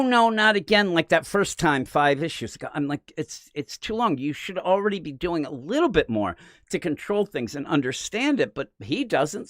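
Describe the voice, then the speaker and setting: Guy on a comics podcast, high voice that jumps all over, dry close sound. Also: no room sound. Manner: animated, acts out characters in quick voices, swears freely. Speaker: podcast co-host. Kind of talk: casual comic review chat.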